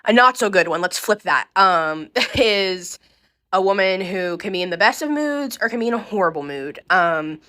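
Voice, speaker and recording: Bright-voiced woman telling candid stories. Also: mid-range voice, animated, normal speed. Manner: candid, swears freely, many ums. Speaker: hospice volunteer telling stories. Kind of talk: casual storytelling to camera.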